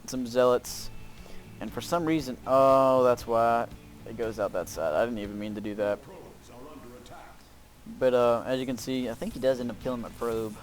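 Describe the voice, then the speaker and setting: A man's voice: mid-range voice, normal speed, long pauses. A man casually commenting over his own strategy game replay, rambling with lots of fillers and restarts. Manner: rambling, filler-heavy, self-narrating. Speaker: gameplay commentator. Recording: faint music behind voice. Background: faint background music.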